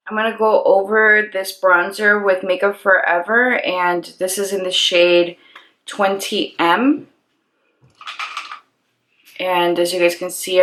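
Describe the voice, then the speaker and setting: A woman's voice: mid-range voice, low-quality recording. Chatty young woman beauty vlogger. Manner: animated storyteller, acts out exasperated quotes. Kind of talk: chatty get-ready-with-me storytelling.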